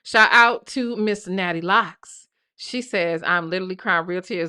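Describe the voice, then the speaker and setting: Woman, live stream host, bright forceful tone, profane casual gossip delivery. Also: fairly low pitch, unhurried, smooth. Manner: blunt, profane, repeats "okay?". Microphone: live stream mic.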